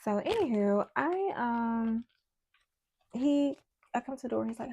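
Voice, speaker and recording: A woman tarot reader chatting in a casual vlog, telling a story in an animated way with many asides. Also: fairly high pitch, unhurried, pauses often.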